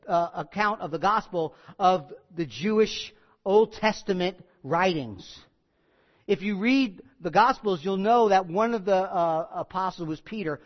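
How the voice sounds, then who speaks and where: A man delivers a sermon with a high-pitched voice. He hammers key words, then sinks quiet and low. The sound is muffled and rings with a long hall reverb. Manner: emphatic, building to loud peaks then dropping low. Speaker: pastor.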